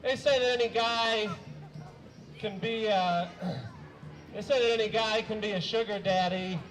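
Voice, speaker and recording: A young man with a high voice works through a stand-up set in a flat, deadpan way. He stumbles over his words, fills gaps with uhs and clears his throat now and then. He performs on a small stage before a live audience. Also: measured pace, faint music behind, poor audio. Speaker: stand-up comedian.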